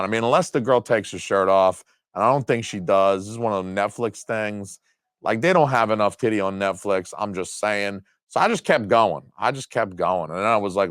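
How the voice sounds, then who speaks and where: A man in his thirties, a video host ranting with heavy swearing and sudden jumps up and down in pitch. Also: dry recording, clean studio sound. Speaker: video host reviewing disc releases. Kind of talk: profane comedic rant.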